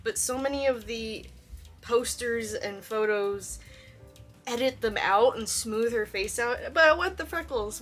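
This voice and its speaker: Brief: young woman, bright-voiced cosplay vlogger, chatty and self-deprecating, faint music underneath. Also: on the high side, measured pace. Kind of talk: casual tutorial narration.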